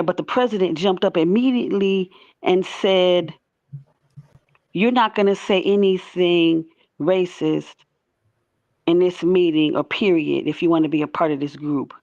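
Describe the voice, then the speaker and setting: A woman's voice: fairly low pitch, steady tone, measured pace, a little mellow, no echo, highs cut off. A woman calling in to a livestream, telling a story in a plain, down-to-earth way. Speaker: caller. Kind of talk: casual call-in chat.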